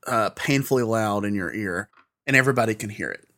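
A man's voice: fairly low pitch, fairly quick, sharp tone. A man narrating as game master in a loose, rambling way with many fillers.

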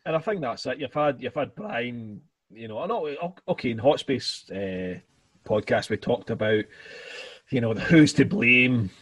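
A man's voice: mid-range voice, animated, moderate pace, husky, dry recording. A man hosting a casual music podcast, a bit tipsy, rambling with fillers and swearing. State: a bit tipsy after two beers. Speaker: podcast host.

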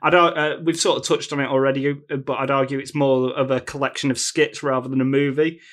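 A man co-hosting a casual film review chat, relaxed and measured. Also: mid-range voice. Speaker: podcast co-host.

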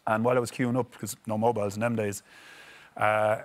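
Animated Irish man telling stories. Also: on the low side, fairly quick. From Ireland. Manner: animated, chuckling anecdotes. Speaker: guest, former footballer. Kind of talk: casual storytelling.

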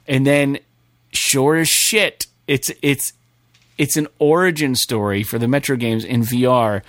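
A man co-hosting a gaming podcast, talking casually and excitedly, swearing often and rambling. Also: medium pitch, normal speed, no echo, studio quality. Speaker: podcast co-host.

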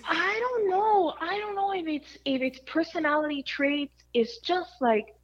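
Animated high-voiced woman telling stories. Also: measured pace. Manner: animated storyteller, mixes Spanish phrases. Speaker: radio host guest. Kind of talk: casual podcast chat. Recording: dull lo-fi audio.

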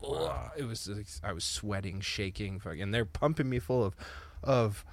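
A man's voice: on the low side, animated, normal speed, vocal fry. A man co-hosting a podcast, telling a profane childhood story casually and acting out the people in it. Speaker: podcast co-host.

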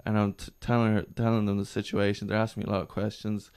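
A man's voice: on the low side, quick pace, gravelly, clear, resonant tone. A man chatting casually on a podcast, telling a story and acting out the people in it. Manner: animated storyteller acting out quotes. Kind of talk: casual chat, anecdote.

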